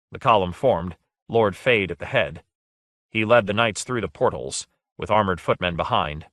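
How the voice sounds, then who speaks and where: Low-voiced male audiobook narrator. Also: moderate pace, fairly bright tone, dry recording, studio quality. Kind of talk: scripted narration.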